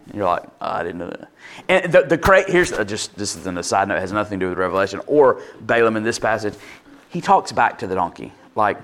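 Fast and sing-song, a man's lowish, slightly bright voice carries a conversational sermon to his congregation. This pastor restarts and wanders into asides, performing quoted lines with extra liveliness.

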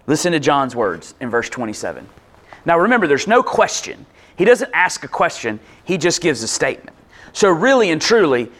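Pastor guy preaching, chatty, high voice that swings all over the place. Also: a bit bright. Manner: conversational, explains verse by verse, checks in with the congregation. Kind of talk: sermon.

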